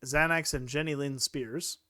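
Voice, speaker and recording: A man's voice: fairly high pitch, fairly even intonation, measured pace, pushed and bright, dry recording. A man with a slightly raised voice reads news items aloud on a casual podcast and then comments on them. He sounds sarcastic and exasperated. The recording is dry and close. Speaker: podcast co-host. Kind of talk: casual opinion chat, reading news aloud.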